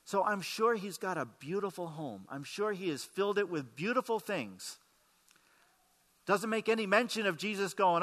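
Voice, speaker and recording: In a high-pitched, expressive voice with a fairly bright tone, a pastor preaches at normal speed, keeping the sermon conversational and often quizzing the congregation. The recording has a long hall reverb.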